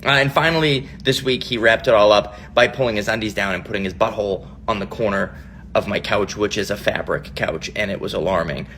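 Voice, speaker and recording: A man's voice: fairly low pitch, brisk, a bit bright, a little hiss or hum. A man in his thirties doing a profane, exasperated comic rant about parenting. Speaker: comedian.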